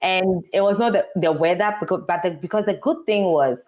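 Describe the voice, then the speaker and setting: A young Ghanaian woman with a lowish voice speaks in an earnest, advising tone. Her points come with steady emphasis as she talks things through in a relaxed interview. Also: brisk, muffled recording. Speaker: guest. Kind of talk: casual interview advice.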